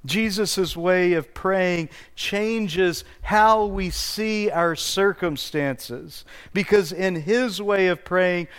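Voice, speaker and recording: Male pastor, sermon, slow measured delivery, earnest storytelling, smooth clear voice, in a church. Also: sits high. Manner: earnest storytelling with small restarts.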